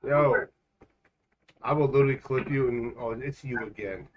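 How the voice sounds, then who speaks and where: A man's voice: medium pitch, dull audio, noisy background. A man livestreaming a game from home, chatting in a rambling, joking way. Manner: chatty and rambling, quick jokes. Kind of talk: casual gaming livestream chat.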